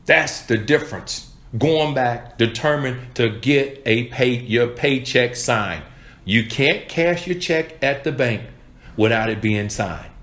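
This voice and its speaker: A man's voice: mid-range voice, lively intonation, slow pace, fairly bright tone. A man coaching salespeople in an emphatic, repetitive style with punchy catchphrases. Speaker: sales trainer. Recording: echoey room.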